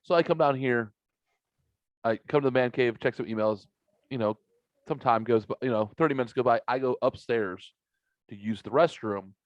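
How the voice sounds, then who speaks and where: A man's voice: mid-range voice, normal speed, long pauses, no room sound. A man hosting a podcast, telling stories casually with lots of swearing and laughter, from a home man cave. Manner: profane, animated, laughing at his own stories. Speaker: podcast host. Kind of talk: casual storytelling chat. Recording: slightly muffled, dry recording.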